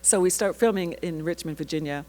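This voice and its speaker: An actress telling an animated personal story at a panel, laughing often and breaking off into asides. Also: female voice, deep voice, brisk, poor audio. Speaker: actress sharing her research story.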